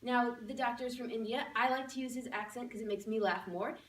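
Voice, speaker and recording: A woman giving a playful, animated laughter-yoga demonstration speech to a live audience. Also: fairly high pitch, fast. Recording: echoey room from far off.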